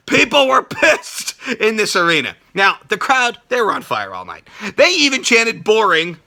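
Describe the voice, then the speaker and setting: A man hosting a wrestling reaction show, ranting loudly and sarcastically and swearing constantly. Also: high voice, wildly swooping pitch, normal speed, gravelly. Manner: loud, sarcastic, swears constantly, shouts often. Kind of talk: profane ranting review.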